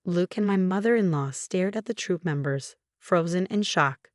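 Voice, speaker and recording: Give me a woman with a low, dry voice reading a first-person story steadily. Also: normal speed, no room sound. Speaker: story narrator. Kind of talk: scripted first-person narration.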